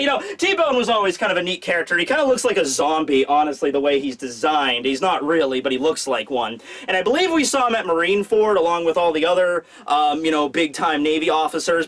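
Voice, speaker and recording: High-pitched guy doing a chatty comic review, jokey, animated. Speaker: manga reviewer, channel host. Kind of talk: casual chapter review commentary.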